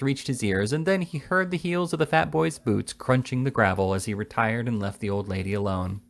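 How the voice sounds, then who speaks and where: A man's voice: medium pitch, expressive, brisk, creaky, few pauses. A man casually reading a classic novel aloud, with frequent small slips and restarts. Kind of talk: casual read-aloud narration.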